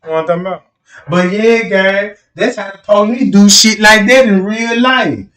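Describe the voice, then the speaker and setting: High, bright-voiced man ranting on stream. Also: normal speed, recorded from a distance. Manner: rambling and profane, keeps saying "you know what I'm talking about". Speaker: livestreamer. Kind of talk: casual livestream rant. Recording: roomy echo, speaking away from the mic.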